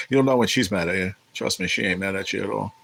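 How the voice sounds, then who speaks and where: A man's voice: deep voice, brisk, gravelly, a bit bright, slight background noise, rough recording. A man hosting a casual livestream, talking in a blunt, profane, irritated way. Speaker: livestream host.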